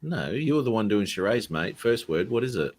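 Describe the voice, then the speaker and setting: A man's voice: lowish voice, big pitch swings, normal speed, a little mellow. A man chatting casually on a group call, joking and teasing the others and laughing often. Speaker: participant in an online drone pilots' chat. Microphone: desk microphone on a call.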